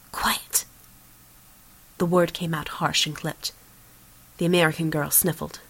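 Woman audiobook narrator, low husky voice, dramatic measured reading. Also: low-quality recording. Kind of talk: scripted narration.

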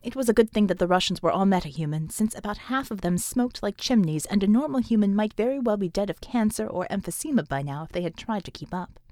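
This studio-quality clip features a woman with a medium-pitched voice narrating a scripted audiobook. She tells the story in an even, measured way, with no room sound.

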